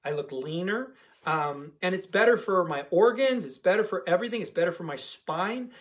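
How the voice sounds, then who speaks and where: A man's voice: sits high, lively intonation, moderate pace. A man coaching a diet program community in a casual, emphatic talk to camera, repeating key words for stress.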